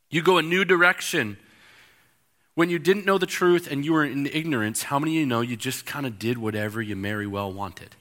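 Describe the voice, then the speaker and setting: Bright-voiced preaching man. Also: medium pitch. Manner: expressive preaching, acts out quoted voices. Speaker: pastor. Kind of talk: sermon.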